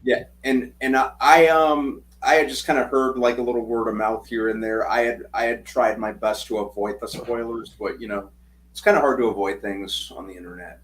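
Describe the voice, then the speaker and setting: A man co-hosting a podcast, speaking earnestly with halting restarts. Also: medium pitch, steady tone, a little hiss or hum, poor audio. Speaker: podcast co-host. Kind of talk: casual chat.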